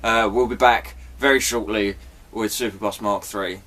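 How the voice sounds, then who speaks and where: A man's voice: fairly low pitch, fairly even intonation, moderate pace, pushed and bright. A man giving a rambling, apologetic vlog update, chatty and swearing now and then. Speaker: vlogger.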